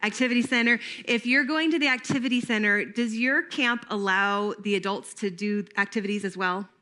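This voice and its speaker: Bright, lively woman leading a workshop. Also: medium pitch, fairly quick. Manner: lively, conversational, engages audience with questions. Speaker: camp staff trainer. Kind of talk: workshop training talk.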